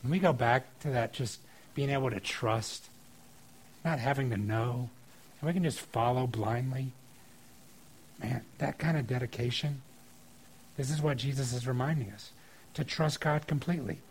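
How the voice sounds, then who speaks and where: A middle-aged man preaching a sermon as pastor, telling family stories in an animated way and acting out children's voices. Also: medium pitch, normal speed, pauses often, slightly rough. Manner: animated storytelling with acted-out kid voices.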